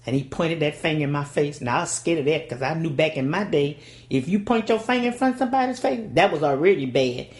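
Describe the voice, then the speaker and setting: Woman, older Southern storyteller, low voice that swings widely, folksy and dramatic. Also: lively intonation, quick pace, a little mellow. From Louisiana, USA. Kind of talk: oral storytelling.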